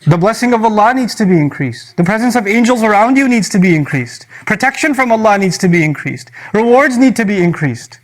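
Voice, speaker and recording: A middle-aged man delivers a spirited sermon in a fairly high voice. He slips into quoted voices and jokes with his listeners, then explains Arabic words as he goes. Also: brisk, hardly any pauses. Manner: animated, acts out quoted voices and jokes with the audience; uses Arabic terms in his talk. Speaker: Islamic speaker. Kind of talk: sermon-style lecture.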